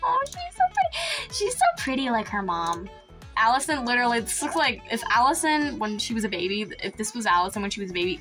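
A gaming channel host with a fairly high voice provides let's-play commentary, gushing, gasping and squealing often and drifting into playful laughter. Faint, soft music plays beneath her.

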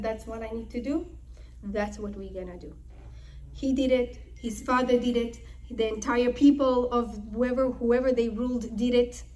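A woman with a fairly high, mellow voice teaches the Torah by dramatically retelling a Bible story. She speaks emphatically and returns to the same phrases again and again.

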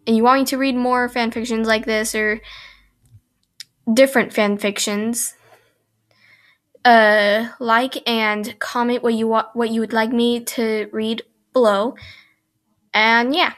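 A young woman reading a fan fiction aloud in first person, halting and restarting mid-sentence, and breaking off for chatty asides. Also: fairly high pitch, steady tone, a bit bright. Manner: breaks off for chatty, giggly comments.

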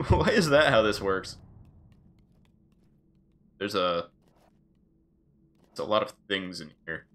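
A man's voice: fairly low pitch, big pitch swings, slow pace, pauses often, a bit bright. A man streaming a video game live and chatting casually, joking and swearing freely as he plays. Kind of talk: casual live gameplay commentary.

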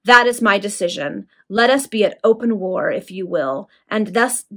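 A woman's voice: mid-range voice, lively intonation, normal speed, a bit bright. A woman reading aloud, voicing a proud and indignant noblewoman in her own voice. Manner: impatient and indignant.

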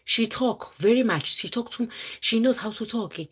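A woman's voice: a little high, moderate pace, a bit bright, slightly rough. A woman vlogger telling a story to her live viewers in a dramatic, exclaiming way. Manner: dramatic, exclaiming, mixes in local words. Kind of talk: casual storytelling chat with viewers.

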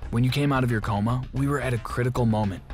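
A man doing a calm secret-agent dad. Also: mid-range voice, quick pace, over music, close to an everyday voice. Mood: explaining. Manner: calm, explanatory. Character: calm father, a secret agent, apologetic and steady.

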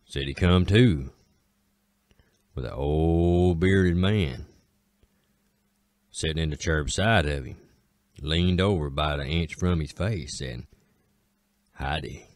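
A man with an Appalachian accent telling a folk tale in a slow, drawling way, with dramatic pauses. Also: rumbling low, no room sound. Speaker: storyteller. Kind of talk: folksy spoken storytelling.

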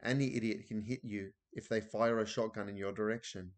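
An elderly grandmother, read by a man, recounting a narrow escape in a breathless, vivid rush. Her voice sits fairly low, and the storybook reading keeps her close to the narrator's own tone. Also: fairly even intonation, fairly quick, lightly acted. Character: elderly grandmother telling a thrilling tale.

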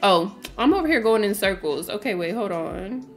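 A woman's voice: medium pitch, animated, normal speed, faint music behind. A woman livestreaming a game, chatting casually, with lots of fillers, frequent laughs and greetings to her viewers. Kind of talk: casual livestream chat while playing.

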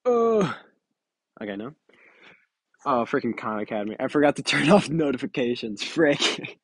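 A man's voice: mid-range voice, sing-song, moderate pace, slightly rough, no room sound, studio quality. A tired young man giving casual, giggly, self-mocking commentary while playing a mobile game. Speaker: gaming video creator.

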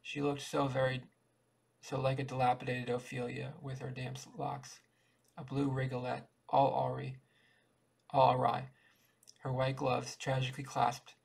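Gravelly, flat-voiced man reading a story. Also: mid-range voice, low-quality recording. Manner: halting, with restarts mid-word. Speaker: audiobook reader. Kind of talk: amateur reading aloud of a short story.

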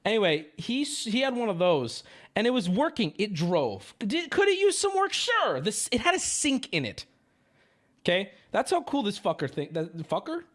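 A man's voice: high voice, big pitch swings, normal speed. A man hosting a livestream, chatting casually to his audience in a profane, ranting, sarcastic way and drifting into rambling stories. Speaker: livestream host.

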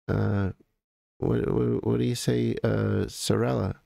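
An American man hosting a live stream, chatting casually and in a halting, rambling way as he greets viewers by name. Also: lowish voice, fairly even intonation, vocal fry, mellow, dry recording, studio quality.

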